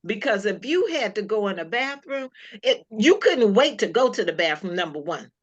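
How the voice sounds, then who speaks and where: A woman's voice: mid-range voice, very animated, normal speed, dull audio. A woman co-hosting a casual chat, reacting emphatically and joking with friends. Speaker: co-host.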